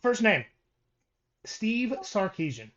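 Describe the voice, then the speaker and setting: A man's voice: sits high, sing-song, slow pace, a bit bright, lo-fi sound. A man co-hosting a podcast, talking casually about sports and reading through records with ums and restarts. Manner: reads stats with many ums and restarts. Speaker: podcast co-host.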